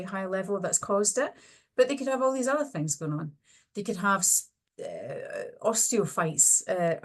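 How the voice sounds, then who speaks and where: A middle-aged woman with a somewhat low voice gives an online webinar lecture. She speaks as a speech and language therapist and explains her slides step by step. She grounds each point in practical, everyday clinical examples.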